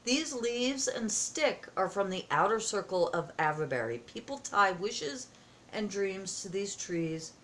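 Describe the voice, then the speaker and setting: A woman vlogging at home as she opens happy mail, excited, gasping and halting with many fillers. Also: medium pitch, slight background noise. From United States. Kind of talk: casual vlog chat. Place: home, indoors.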